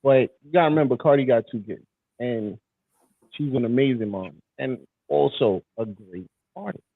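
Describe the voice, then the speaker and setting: A man's voice: medium pitch, normal speed, gravelly, no echo. Thin, phone-like male podcast host. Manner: teasing, loose, slangy, reads shout-outs. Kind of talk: casual podcast talk. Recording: dry, phone-like thin sound.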